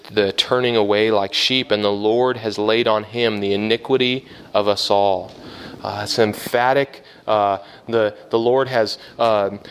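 A man leads a Bible class in a somewhat low voice. He explains slowly and carefully, stopping often on fillers and restarting his sentences. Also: fairly bright tone, clear, resonant tone. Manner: halting, many fillers and restarts, explaining step by step. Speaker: Bible teacher.

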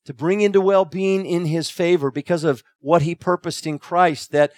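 Guy preaching verse by verse, kinda high voice, earnest and deliberate, dry close sound. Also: steady tone, a little mellow, no room sound. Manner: earnest, deliberate, stretches key phrases. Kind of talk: expository sermon.

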